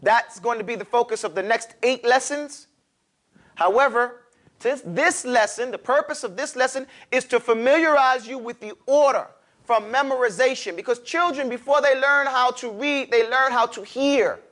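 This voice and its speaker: A man with a New York accent teaching a class, lively and animated, urging his students to repeat after him. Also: very high voice, normal speed. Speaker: Arabic teacher. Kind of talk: classroom lecture.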